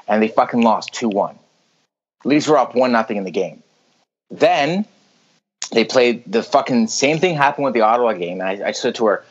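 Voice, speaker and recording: Brief: male co-host, middle pitch, animated swearing storyteller, slightly muffled lo-fi sound. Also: brisk. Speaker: podcast co-host. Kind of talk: casual sports chat. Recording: dull lo-fi audio.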